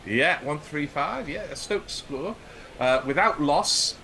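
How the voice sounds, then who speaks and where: A man's voice: a little high, expressive, slow, bright, forceful tone, slight background noise. A man chatting on a cricket broadcast in a rambling, conversational way. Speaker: cricket commentator. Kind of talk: casual commentary chat.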